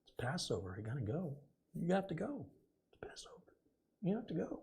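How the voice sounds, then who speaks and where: A man mimicking his nagging older father, with an insistent, higher-pitched delivery. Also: wildly swooping pitch, fairly quick, creaky, a little mellow, full character voice.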